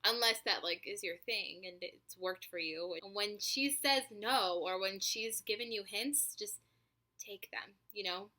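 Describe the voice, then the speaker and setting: Young woman ranting to her camera, lots of likes and ums, bright voice, swears a bunch. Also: mid-range voice, unhurried. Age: 20s. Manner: animated, profane, chatty with many fillers. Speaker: vlogger. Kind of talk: casual storytelling to camera.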